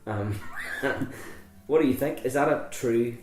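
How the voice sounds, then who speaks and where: A man's voice: medium pitch, slow pace, a little mellow, reverberant. A young man from Ireland, hosting a casual podcast chat, rambling and laughing often. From Northern Ireland. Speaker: podcast host.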